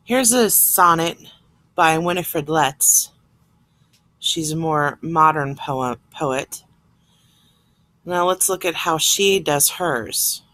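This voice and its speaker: A woman's voice: deep voice, slow pace, pauses often, fairly bright tone, no echo. A woman teacher explaining a lesson plainly, step by step, recorded on a computer mic. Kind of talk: classroom lesson recorded on screen.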